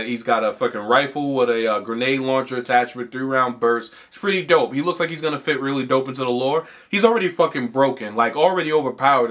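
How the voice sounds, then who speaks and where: A young man hosting a comedy podcast, ranting casually with lots of swearing, restarts and animated asides. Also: medium pitch. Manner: profane, animated, rambling with frequent restarts. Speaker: podcast host.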